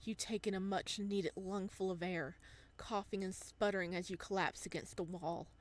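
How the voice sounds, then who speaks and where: A woman reading a visual novel aloud as she plays, with giggly, excited reactions between passages. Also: medium pitch, moderate pace. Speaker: gamer.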